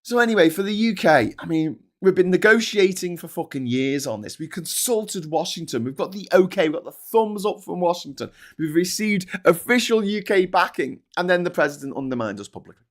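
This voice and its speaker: A man's voice: expressive, a little fast, few pauses. A man hosting a casual monologue, swearing a lot as he rants. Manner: sweary, ranting, mimics in high squeals. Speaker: host.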